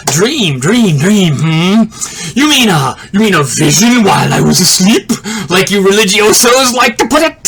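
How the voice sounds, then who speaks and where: Man, very high voice, bright tone, animated casual storyteller, laughs and swears a lot. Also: a little hiss or hum. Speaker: video creator telling a personal story.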